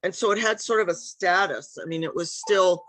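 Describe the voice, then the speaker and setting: A woman's voice: fairly low pitch, normal speed, a bit bright, a little hiss or hum. A woman author being interviewed over a video call, talking in a meandering, hesitant way with many ums and restarts. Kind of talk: casual conversational interview.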